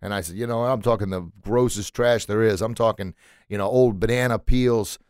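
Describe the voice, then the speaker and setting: A man's voice: fairly low pitch, steady tone, moderate pace, darkish tone, clean tone, dry recording, clean studio sound. A man and former teacher giving a casual motivational talk, earnestly repeating words as he searches for them and animatedly acting out how children react.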